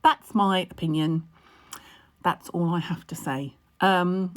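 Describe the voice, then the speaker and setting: A woman's voice: lowish voice, moderate pace. A woman on a casual phone livestream from home, answering viewers' skincare questions in a chatty way with frequent "um" fillers.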